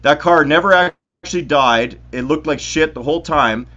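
A middle-aged man from Winnipeg, telling stories to friends on a podcast in an excitable, animated way with plenty of swearing. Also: on the high side, moderate pace, highs cut off. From Winnipeg, Canada. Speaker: podcast co-host. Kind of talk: casual storytelling among friends.

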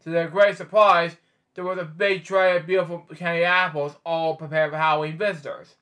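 A man with a bright, slightly high voice reads a bedtime picture book aloud. He stumbles, restarts words and wanders off into chatty asides between pages. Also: level tone, a little fast. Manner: rambling, stumbling, many restarts and side comments. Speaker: storyteller host.

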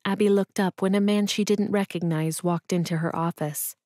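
A woman narrating an audiobook in a calm, even storytelling manner. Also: medium pitch, moderate pace, dry recording, studio quality. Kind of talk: scripted narration.

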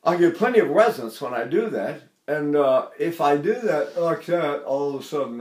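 An older man from Texas teaches singing technique in a lively, chatty way, slipping in asides and little chuckles. His speaking voice sits fairly high for a man. The room around him rings with a noticeable echo. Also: fast talker, few pauses. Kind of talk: vocal technique lesson with spoken demonstrations. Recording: roomy echo.

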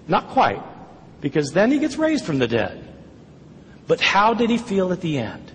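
A man giving a public lecture in an emphatic, questioning way, with quick bursts of speech. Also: sits high, fairly bright tone, big-room sound, poor audio. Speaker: lecturer on the New Testament.

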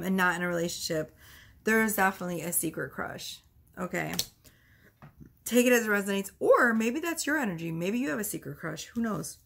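A woman's voice: mid-range voice, a bit bright. A woman reading tarot cards in a casual vlog, chatty and laughing often, swearing freely, a bit out of breath. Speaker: tarot reader. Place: at home.

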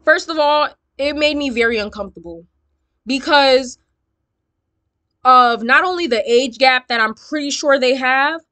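Sassy, blunt young woman with a bright voice. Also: high-pitched, unhurried, dry recording. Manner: blunt, sassy, swears a lot. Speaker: reality show commentator. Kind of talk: casual vlog commentary.

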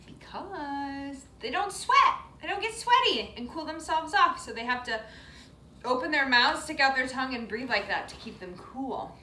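A woman's voice: high-pitched, animated, moderate pace, sharp tone, slight background noise. A woman leading a children's yoga class in a playful, sing-song, coaxing way, with animal sounds along the way. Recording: roomy sound from a distant mic.

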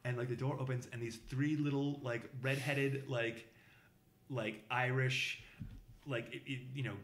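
A man spins a long story in casual chat, stumbling through fillers and restarts and slipping into the voices of the people he quotes. His voice sits at an ordinary middle pitch. The room around him is echoey. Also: flat delivery, a little slow, fairly bright tone. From Boston, USA. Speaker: podcast guest telling a travel story.

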